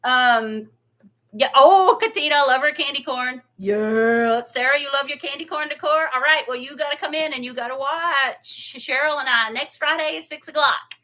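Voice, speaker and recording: A woman's voice: high voice, fairly even intonation, normal speed, sharp tone. A woman hosting a casual craft livestream, chatty and gushing, laughing often and close to tears. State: near tears. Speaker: craft channel host.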